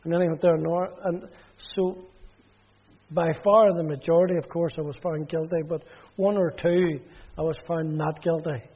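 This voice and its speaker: A man with a Northern Irish accent telling his testimony in a sermon, plain storytelling that falls quiet in sad parts. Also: a little high, fairly even intonation, normal speed, breathy edge. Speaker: preacher giving testimony. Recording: dull muffled recording.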